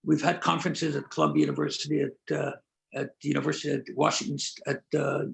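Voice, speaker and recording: An older man, a rabbi, speaking in an earnest, measured way and slowing down to stress key points as he tells stories. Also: on the high side, flat delivery, creaky, rough recording. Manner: earnest, measured, with deliberate slowed emphasis. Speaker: rabbi and prison-outreach leader. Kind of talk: conversational talk, storytelling.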